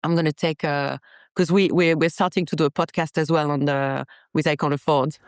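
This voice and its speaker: A woman's voice: low voice, steady tone, a little fast, clear, resonant tone, no room sound, studio quality. A woman from France with a French accent, a podcast guest and illustrator, chatting in a rambling way with many restarts. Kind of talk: casual interview chat.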